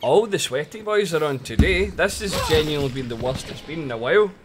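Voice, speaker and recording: A man's voice: on the high side, expressive, a little fast, music in the background. A Scottish man streaming a game, chatting casually, swearing freely and laughing often. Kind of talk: casual gaming chat. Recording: noisy game stream audio.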